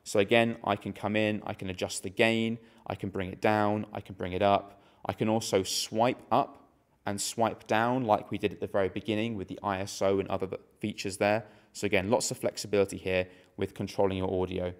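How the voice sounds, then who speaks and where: A man's voice: fairly low pitch, flat delivery, fairly quick. A man giving a hands-on tech tutorial as a product demonstrator, explaining each step steadily as he goes.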